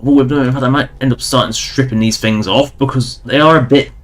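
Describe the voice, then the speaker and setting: A man's voice: medium pitch, fairly even intonation, quick pace. A man streaming a game, giving casual, rambling commentary with wry asides and chuckles.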